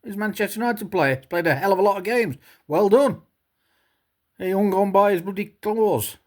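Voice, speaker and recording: A woman's voice: mid-range voice, moderate pace, a little mellow. A woman ranting bluntly and scornfully on a commentary vlog, swearing freely. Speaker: vlogger.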